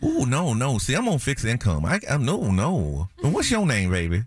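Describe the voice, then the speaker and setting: A man's voice: medium pitch, huge pitch swings, moderate pace, slightly rough, no echo, soft background music. A man putting on the voice of an eighty-six-year-old Southern woman, drawling and confused, who strings along telemarketers. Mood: doddering. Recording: dry studio mic.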